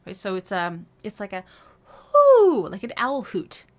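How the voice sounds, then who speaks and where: A woman with a mid-range, fairly bright voice leads a singing lesson at a normal pace. Between short demonstrations of phrases and drills, she explains technique, often stumbling into fillers and restarts.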